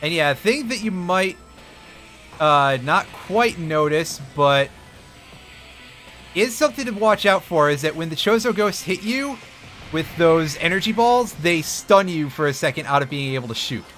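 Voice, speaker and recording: A male streamer talks through his game in a dry, self-mocking way and chats with his viewers. His voice sits a bit high and sounds bright and forceful. Game music plays faintly behind him. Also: expressive, normal speed. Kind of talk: live gameplay commentary.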